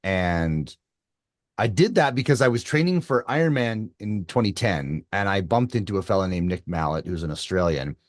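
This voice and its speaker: Lively storytelling man in his fifties. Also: low voice, normal speed, dry recording, clean studio sound. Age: 50s. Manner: animated, lively retelling with many restarts. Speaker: endurance athlete guest. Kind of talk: interview storytelling.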